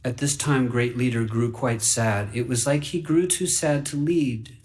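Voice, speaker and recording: A man reading a fable aloud for radio in an earnest, wide-eyed way, dropping to hushed whispers and rising into excited bursts. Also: medium pitch. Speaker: story reader.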